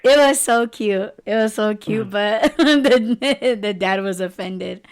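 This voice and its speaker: A woman's voice: mid-range voice, slow pace, clear, resonant tone. A woman around forty co-hosting a podcast in casual chat, rambling, laughing often and restarting her sentences. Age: about 40. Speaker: podcast co-host.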